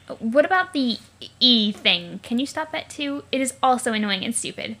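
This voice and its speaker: Lady doing a cranky sleepy teen girl, blunt and high-pitched. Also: animated, normal speed, background noise. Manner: irritable, blunt, weary. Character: grumpy, tired teenage human girl.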